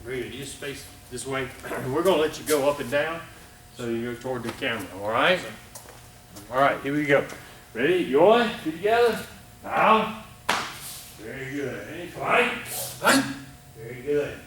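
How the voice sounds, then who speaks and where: A middle-aged man teaching martial arts kicks on video, calling out commands loudly and checking in with "all right?". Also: medium pitch, moderate pace, pauses often, slight background noise. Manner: calls out commands loudly and coaches with frequent "all right?" and "okay?". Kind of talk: teaching a kicking class on video.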